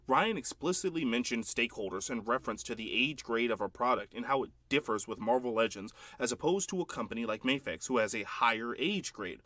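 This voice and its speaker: Bright-voiced man debunking claims. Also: medium pitch, expressive, no room sound. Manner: measured, pointed debunking. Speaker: channel host and editor. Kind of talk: commentary rebuttal. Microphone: phone recording.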